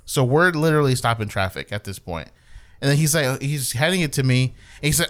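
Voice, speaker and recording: A young man in casual chat tells a story with heavy swearing and acted-out quotes. His voice is smooth and clear, with an ordinary middle pitch. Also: brisk. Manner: animated, swears a lot, acts out quotes.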